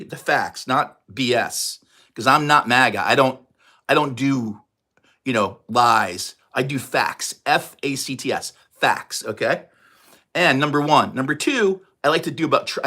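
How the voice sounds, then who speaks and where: A man in his sixties with a New York accent, chatting casually and fast on a livestream. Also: a little high, sharp tone. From New York area, USA. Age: 60s. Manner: fast, chatty, reads out viewer comments. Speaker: livestream host.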